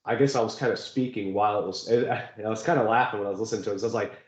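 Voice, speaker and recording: A man's voice: on the low side, rapid-fire. A man co-hosting a casual chat about ghost hunting, rambling and laughing often. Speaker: podcast co-host. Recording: echoey room, dull lo-fi sound.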